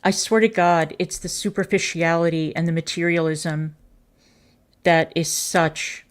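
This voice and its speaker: A woman with a fairly low voice gives scornful, sarcastic commentary on a stream. She mocks what she has just watched. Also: fairly even intonation, measured pace, clear, resonant tone.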